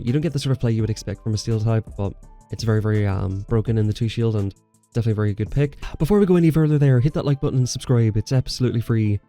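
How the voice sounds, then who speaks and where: A man's voice: mid-range voice, dark tone. A man hosting his gaming channel, giving casual, chatty gameplay commentary and explaining each move as he plays. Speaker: game channel host.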